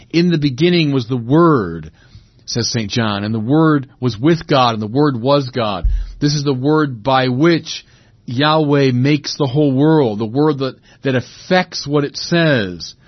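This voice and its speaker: A man's voice: mid-range voice, no echo, lo-fi sound. A man giving a sermon, reflective and rising to emphatic peaks. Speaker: preacher.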